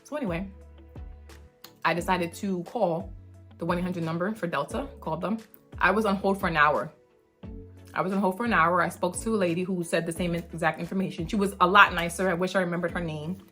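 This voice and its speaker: A mother hosting her own channel, telling a storytime with emphatic, animated delivery and frequent "like". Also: on the low side, a little fast, faint music behind. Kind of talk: storytime vlog.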